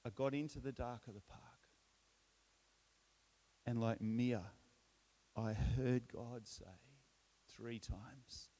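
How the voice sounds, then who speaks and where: A middle-aged Australian man speaking at church, telling a personal testimony in a relaxed storytelling way, with self-deprecating humor and frequent restarts. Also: mid-range voice, takes it slowly, gravelly, pauses often.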